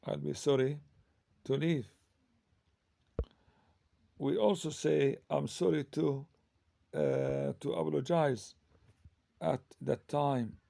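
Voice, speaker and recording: A man with an Arabic accent explains English grammar at a slow, halting pace, full of fillers and restarts. His voice is very gravelly and mellow. The recording is dry, with no room sound. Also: mid-range voice, no echo. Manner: slow, hesitant, with many fillers and self-corrections. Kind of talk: grammar lesson.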